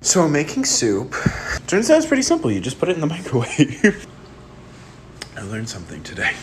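A man's voice: on the high side, wildly swooping pitch, moderate pace, slight background noise. A young man filming a casual vlog, playful and giggly, swearing often as he talks. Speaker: vlogger.

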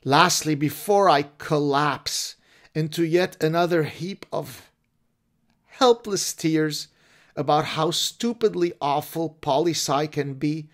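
A man voicing an overwrought young female student, indignant and melodramatic, in a shrill mocking exaggeration. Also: takes it slowly.

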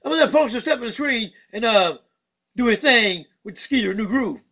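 Wingless bird sidekick, put on by a man: high gravelly squawk, boastful and jittery. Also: expressive, normal speed, full character voice. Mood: chatty. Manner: hyper, shouty, boastful. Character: excitable jive-talking wingless male bird. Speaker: puppet sidekick.

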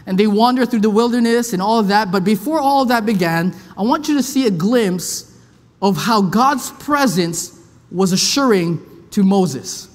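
High-voiced passionate male preacher in a reverberant church. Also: lively intonation, normal speed. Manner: passionate, rises loud and high when pleading, drops soft and low for comfort. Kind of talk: sermon. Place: church sanctuary.

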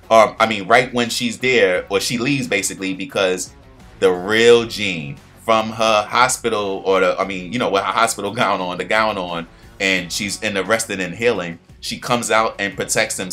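A man casually recapping a cartoon episode, retelling scenes with slang and fillers and acting out quoted lines in a higher voice. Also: bright, forceful tone. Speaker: pop culture commentator.

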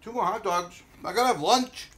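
A man's voice: high voice, fairly quick, fairly bright tone, breathy edge. A man vlogging with his wife, joking, teasing and grumbling in casual family banter. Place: at home and outdoors on the street.

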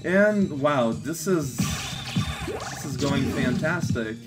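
Guy doing lets play commentary, slow jokey rambling, music going behind. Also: mid-range voice, animated. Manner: rambling, jokey, self-mocking. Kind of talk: playthrough commentary. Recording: game music playing behind.

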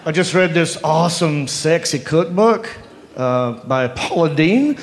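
Animated Southern comedian on a club stage. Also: male voice, fairly high pitch, measured pace, vocal fry. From North Carolina. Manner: drawling, self-mocking punchlines. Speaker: stand-up comedian. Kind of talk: stand-up comedy set. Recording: roomy club with audience laughter. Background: audience laughing.

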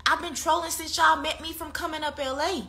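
A woman's voice: sits high, fairly even intonation, a little fast, pushed and bright. A young woman being interviewed, venting heatedly about a breakup, swearing freely and hammering the same points over and over. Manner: heated, profane, repeats her points.

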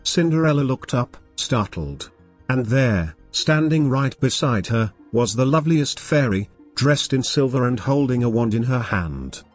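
A man narrating a fairy tale as a scripted bedtime story, reading calmly and gently at a steady pace. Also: medium pitch, unhurried, faint music behind.

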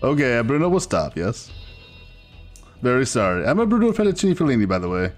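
A man's voice: medium pitch, sing-song, a little fast, soft background music, lightly acted. A man voicing Bruno, a bumbling, polite Italian man with a put-on Italian accent and broken English who keeps apologizing. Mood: apologetic. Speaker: roleplay player. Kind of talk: voiced online roleplay in character.

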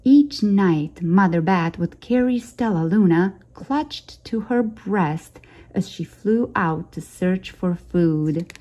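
A woman hosting a storytime channel, reading a children's picture book aloud in a gentle, expressive way. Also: on the low side, slow pace, muffled recording. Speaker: storytime host.

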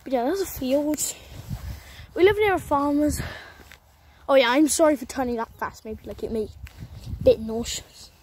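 A young woman vlogs on a country road, holding her phone camera as she walks and chatting in a rambling, apologetic way. Her voice is high-pitched and darkish in tone, at a normal pace with frequent pauses. There's slight background noise.

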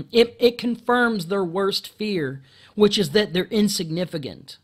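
A man's voice: high-pitched, slow. Man ranting angrily, heavy profanity. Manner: profane, stammering restarts, frequent throat-clearing; rising loud outbursts. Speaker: video commentator. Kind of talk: angry monologue rant.

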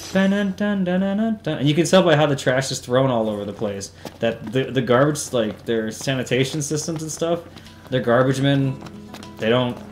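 A young man doing casual, profane, sarcastic commentary while playing a video game. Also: mid-range voice. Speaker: let's play host. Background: game music.

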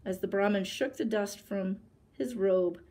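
A woman reading a picture book aloud for a library story time. Her delivery is clear and expressive, at an ordinary mid pitch for a woman. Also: unhurried, low-quality recording.

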